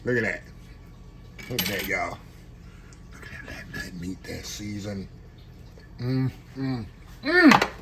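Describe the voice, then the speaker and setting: A Texan cooking channel host with a Southern Texas accent chats folksily with viewers from his home kitchen, calling them y'all in a casual home cooking vlog. His voice is fairly low and slow, with frequent pauses, over a noisy background.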